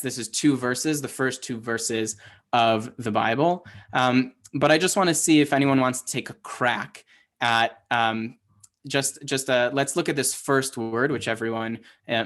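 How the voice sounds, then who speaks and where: A man's voice: mid-range voice, fairly bright tone. A man teaching a language class over a video call, explaining patiently and often checking in with his students. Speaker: Hebrew teacher. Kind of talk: online class lesson.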